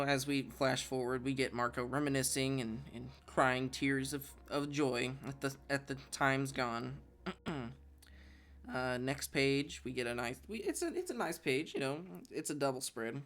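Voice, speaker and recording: A man's voice: medium pitch, fairly bright tone. Laid-back man recapping a comic. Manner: laid-back, laughs often, narrates and reads lines aloud. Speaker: podcast co-host. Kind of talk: casual chat, recapping a comic.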